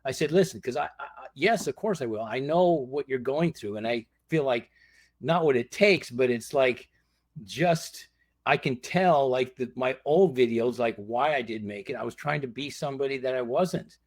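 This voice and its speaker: Lively storytelling man, dry sound. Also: medium pitch, normal speed, dry recording. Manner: lively, acts out other people's lines with laughter. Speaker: guest, former reality show contestant. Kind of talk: casual storytelling chat.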